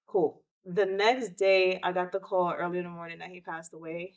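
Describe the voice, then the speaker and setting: Woman, podcast host, personal grief story, emotional, animated. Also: fairly low pitch, brisk, few pauses. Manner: emotional, animated retelling with quoted outbursts.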